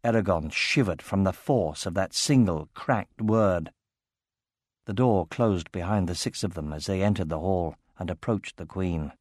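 A man narrating a fantasy novel in a steady, measured reading voice. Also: sits low, dry recording, studio quality.

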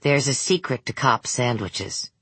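A woman reading a novel aloud, voicing a brisk, dry-witted female federal agent who talks in clipped, matter-of-fact lines. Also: a bass voice, fairly bright tone, breathy edge, no echo, voice pushed down, heavily acted.

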